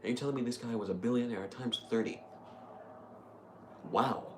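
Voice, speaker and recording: A man's voice: mid-range voice, normal speed, slight background noise. Chatty young man commenting on a game. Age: young adult. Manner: chatty, easily amused. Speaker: gaming video host. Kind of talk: casual let's-play commentary.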